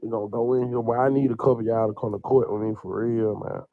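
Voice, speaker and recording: A man's voice: mid-range voice, steady tone, quick pace, dry recording, phone-quality sound. A man, crying and rambling in an emotional, profane livestream rant. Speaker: man under investigation speaking on a livestream.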